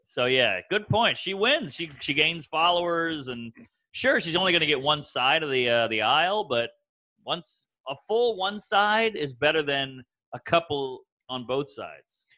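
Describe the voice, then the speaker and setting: A man in his thirties from the American South, a comedian chatting on a podcast, telling animated stories and acting out other people's voices. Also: a little high, measured pace, poor audio. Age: 30s. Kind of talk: casual podcast chat.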